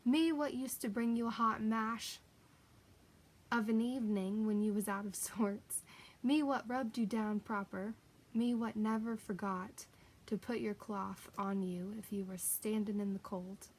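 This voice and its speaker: A woman doing a rough-spoken cabby. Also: medium pitch, fairly even intonation, unhurried, natural voice. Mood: hurt. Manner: homely, plain-spoken dialect. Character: rough-spoken working man, a London cabby.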